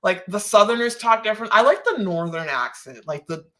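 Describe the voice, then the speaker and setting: A woman's voice: medium pitch, animated, fairly quick, fairly bright tone. A woman from the Caribbean hosting a casual live-stream Q&A, chatty and full of "like" and laughing asides. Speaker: host.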